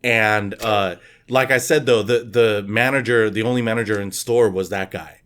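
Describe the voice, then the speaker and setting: A man's voice: lowish voice, steady tone, fairly bright tone, smooth. Male co-host, casual and talkative, loose scenario-spinner. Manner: talkative, many fillers, drops into quick put-on voices. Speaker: podcast co-host. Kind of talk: casual chat, posing scenarios.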